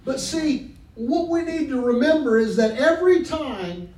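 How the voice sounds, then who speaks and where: A man's voice: extremely high pitch, distant mic. Male pastor preaching in an echoey hall. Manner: preaching with congregation call-and-response, building to shouts. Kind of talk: sermon. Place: church sanctuary. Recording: echoey hall, mic from afar, faint noise.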